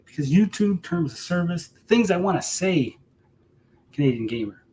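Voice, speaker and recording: Male streamer, heated profane callout rant, slightly high pitch, faint background hiss. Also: animated, normal speed, long pauses, darkish tone, poor audio. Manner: heated, profane, repetitive, mocking. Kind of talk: angry callout rant to camera.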